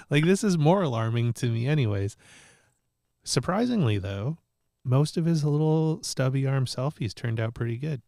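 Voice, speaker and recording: A man of middle pitch talks in a close, dry sound, telling a story with real animation. He laughs often and swears casually along the way. It is relaxed chat on a photography show. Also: moderate pace, vocal fry, dry recording. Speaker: podcast host.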